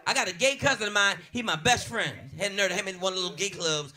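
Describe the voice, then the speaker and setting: A man performing a stand-up comedy routine, telling animated, crude stories. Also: high-pitched, fast talker. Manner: animated, crude, punchy storytelling. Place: comedy stage before an audience. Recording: live audience laughing.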